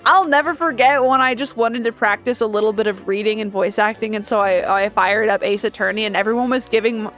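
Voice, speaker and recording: A woman's voice: mid-range voice, fairly quick, hardly any pauses, a bit bright, faint music behind. A woman streamer chatting casually and rambling, often laughing between thoughts.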